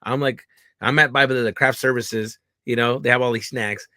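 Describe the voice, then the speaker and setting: A man, a comedian guest, telling stories in an animated, profane way with many fillers. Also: mid-range voice, moderate pace, no echo. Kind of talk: casual interview chat.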